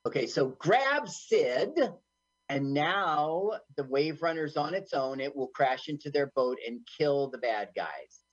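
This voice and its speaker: A man's voice: a little high, lively intonation, takes it slowly, no echo, dull audio. A man co-hosting an internet radio show, joking his way through a movie and acting out its lines in silly voices. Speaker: podcast co-host. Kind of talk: casual movie commentary chat.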